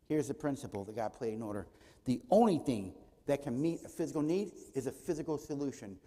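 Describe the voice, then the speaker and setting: Warm-voiced man teaching in a reverberant church. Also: mid-range voice, lively intonation, a little fast. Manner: rhetorical questions answered by himself; acts out short dialogues in his talk. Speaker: conference speaker. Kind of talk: teaching talk at a church conference. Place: church auditorium.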